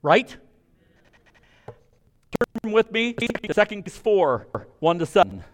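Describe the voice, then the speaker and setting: A man preaching a sermon, reading scripture and retelling it with animated emphasis and conversational asides to his listeners. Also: high voice, takes it slowly, slight background noise.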